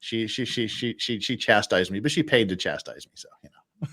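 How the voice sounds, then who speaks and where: A male host chatting casually over a courtroom replay. His voice moves up and down in pitch, and he sounds amused and quick to laugh. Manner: amused, animated, laughs often. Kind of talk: casual chat reacting to court video.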